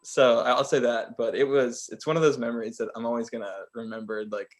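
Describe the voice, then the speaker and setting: A man co-hosting a podcast who tells a story in a casual, animated way and laughs often. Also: mid-range voice, fast. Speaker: podcast co-host.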